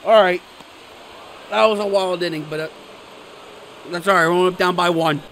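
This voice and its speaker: A young man giving loud, swearing play-by-play reactions to a baseball video game, swinging from groans to shouts. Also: sits high, steady tone, moderate pace, slight background noise. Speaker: gaming YouTuber. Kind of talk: live gameplay reaction commentary.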